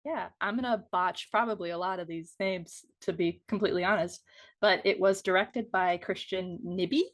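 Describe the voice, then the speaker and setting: A woman's voice: lowish voice, fairly even intonation, moderate pace. Giggly, self-deprecating woman guest. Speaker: guest co-host. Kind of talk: casual chat.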